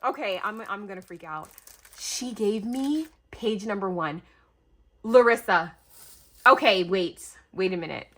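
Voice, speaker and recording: A young woman from the United States vlogging a craft mail unboxing, talking fast and gushing, overwhelmed and near tears. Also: mid-range voice. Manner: gushing, talkative, breathless bursts of excitement. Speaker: craft YouTuber. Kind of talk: excited unboxing vlog.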